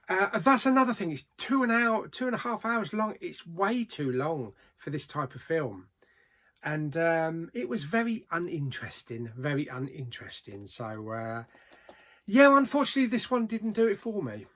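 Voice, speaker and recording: A man reviewing films in a casual vlog, plain-spoken, with frequent ums and trailing pauses. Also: high voice, big pitch swings, a bit bright. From Australia. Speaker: movie reviewer.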